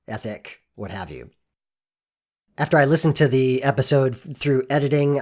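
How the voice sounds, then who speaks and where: Earnest male podcast host. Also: mid-range voice. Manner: measured, earnest, frequent "uh" fillers. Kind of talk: podcast introduction and interview.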